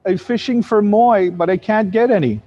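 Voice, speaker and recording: A man voicing a ghostly nine-year-old girl in a ghost story, soft and plaintive, on a dull lo-fi recording. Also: sits high, normal speed, voice pushed up. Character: ghostly little girl of nine, sad and eerie. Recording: dull lo-fi sound.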